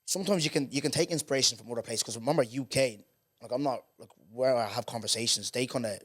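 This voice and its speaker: An Irish man hosting a podcast in casual chat, animated and tagging his points with "do you get me". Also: mid-range voice. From Ireland. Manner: animated, talks in quick runs with "do you get me" tags. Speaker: podcast host.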